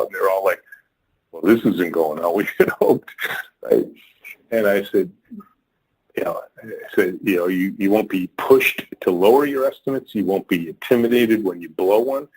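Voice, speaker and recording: Podcast guest: middle-aged man, husky and low-pitched, lively storyteller who voices the people he quotes. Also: rough recording. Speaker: guest, company leader.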